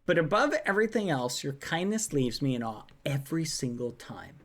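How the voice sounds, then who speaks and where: A woman streamer, softly reading fan messages aloud, laughing often. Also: low-pitched, big pitch swings, normal speed. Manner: soft, affectionate, laughs often.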